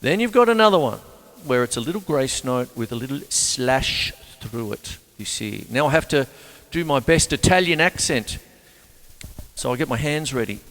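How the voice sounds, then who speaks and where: Rambling older drum teacher. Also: male voice, medium pitch, fairly bright tone. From Australia. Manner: rambling, jokey, talks between drum demos. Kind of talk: casual drum lesson. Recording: reverberant room with drum kit.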